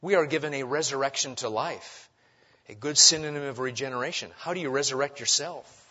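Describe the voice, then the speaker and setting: A man preaching a sermon, asking rhetorical questions and swinging between loud emphatic lines and quiet asides. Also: medium pitch, a little fast, husky, lo-fi sound. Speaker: pastor.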